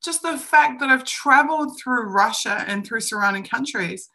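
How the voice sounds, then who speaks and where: A woman's voice: fairly high pitch, moderate pace, pushed and bright. A woman co-hosting a live-streamed discussion, speaking emphatically and acting out other people's lines as she argues her views. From New Zealand. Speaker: co-host.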